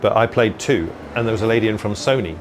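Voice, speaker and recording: Man, comedian guest, quick anecdotal chat, lowish voice, animated, faint music behind. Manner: animated storyteller who acts out the people he quotes.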